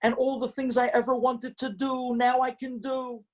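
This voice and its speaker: A man voicing an eager, emotional wife in a high, excited voice while telling a story in a sermon. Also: takes it slowly, heavily acted. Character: woman, adult, newly sighted wife, eager.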